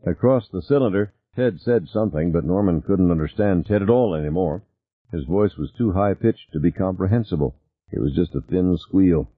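A man narrating an audiobook in an expressive, varied reading. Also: low voice, normal speed, breathy edge, no room sound. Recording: tinny phone-like dry sound.

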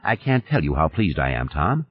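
A man voicing a smooth, ingratiating corporate executive in an audiobook reading. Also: extremely low pitch, big pitch swings, normal speed, exaggerated voice. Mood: soothing. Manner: soothing, glib. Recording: dull lo-fi audio.

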